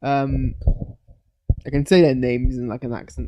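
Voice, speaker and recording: Rambling man with a mellow voice. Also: mid-range voice, little pitch movement, unhurried. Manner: rambling, many restarts and fillers. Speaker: show reviewer. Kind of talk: casual live reaction commentary.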